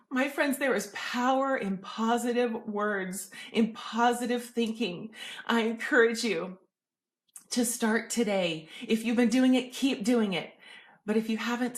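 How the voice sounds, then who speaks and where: A woman hosting an inspirational video, speaking gently and earnestly to viewers. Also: a little high. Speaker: motivational video host. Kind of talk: heartfelt direct-to-camera encouragement.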